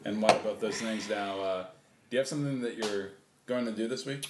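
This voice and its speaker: In a recording with a roomy echo and faint noise, a middle-aged podcast host speaks in a lowish voice, a little fast. His storytelling is casual and meandering, full of fillers and laughs.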